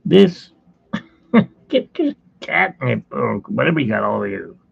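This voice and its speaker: A man's voice: mid-range voice, wildly swooping pitch, unhurried, vocal fry, breathy edge, no echo, lo-fi sound. A man chatting casually during a home art livestream, rambling and talking fondly to his cat. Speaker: artist streaming a painting session. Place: home studio.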